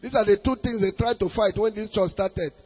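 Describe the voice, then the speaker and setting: A Nigerian man preaching a sermon as a pastor, emphatic, with sudden loud bursts. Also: high-pitched, brisk, breathy edge, long reverb tail, dull audio.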